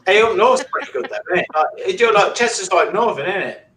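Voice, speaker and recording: A man with a Leicestershire accent jokes and swears his way through casual banter, stumbling over his words. His voice is bright and rather high. He sounds far from the mic in an echoey room. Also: lively intonation, brisk, a little hiss or hum. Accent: English, Leicestershire. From England. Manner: joking, stammering restarts, swearing. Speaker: guest on a livestream.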